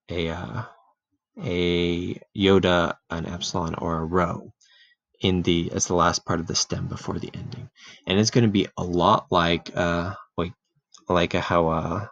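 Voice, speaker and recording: A man giving a relaxed, casual grammar lesson, full of fillers and restarts, who often clears his throat. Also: sits low, no room sound. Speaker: Greek teacher. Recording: dull, dry home recording.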